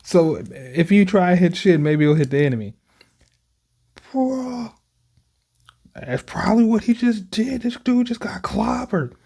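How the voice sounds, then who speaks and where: A man casually reading comic panels aloud and reacting to them, breaking in often with exclamations. He speaks slowly with a mellow, dark tone. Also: high-pitched, creaky, husky. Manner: reads panels aloud, frequent "says" and exclamations. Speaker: manga reaction host.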